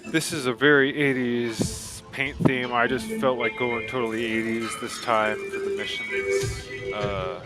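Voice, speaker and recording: A man giving casual, excitable gameplay commentary with many fillers. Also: mid-range voice, a little slow, hardly any pauses. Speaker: gameplay video creator. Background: loud game music.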